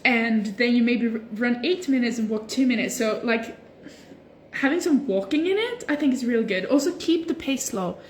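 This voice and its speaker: Stretching at home, a young woman hosts a laid-back phone livestream and chats easily through viewer comments, dropping "like" constantly. She speaks at a moderate pace in a fairly high pitch, and there's a touch of background noise.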